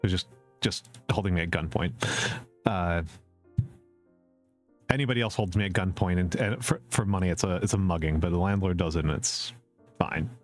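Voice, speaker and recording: A man's voice: sits low, moderate pace, long pauses, soft background music. A man streaming a casual question-and-answer chat, opinionated and repeating his points for emphasis, with many fillers. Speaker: VTuber streamer.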